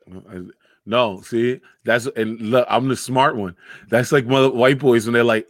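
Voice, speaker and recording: A man's voice: mid-range voice, steady tone, unhurried, no echo, clean studio sound. A man co-hosting a casual chat, joking and cursing through playful trash talk. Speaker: podcast co-host.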